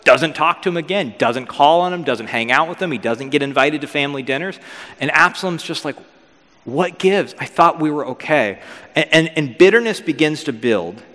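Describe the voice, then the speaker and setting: A man preaching a casual, storytelling sermon as pastor, lively and acting out figures in modern slang. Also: a little high, brisk. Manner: animated, acts out biblical figures with modern slang. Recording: long hall reverb.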